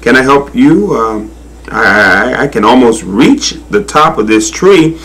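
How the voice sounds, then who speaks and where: A man voicing a shy, timid young male giraffe in a storybook reading, with a nervous, halting manner. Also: animated, a bit bright. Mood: eager. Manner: nervous, halting, high-pitched.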